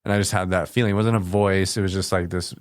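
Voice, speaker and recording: A man who is a veteran and a podcast guest, speaking in a quiet, halting, earnest way. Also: low-pitched, fairly even intonation, clean tone, no echo, clean studio sound. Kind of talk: casual conversation.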